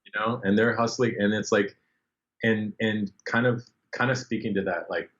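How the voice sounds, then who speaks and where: A man, a bass player, telling stories as a podcast guest, animated and full of fillers, acting out the people he quotes. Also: moderate pace. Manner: animated, acts out quoted voices, many fillers. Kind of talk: casual storytelling interview. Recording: dull lo-fi sound.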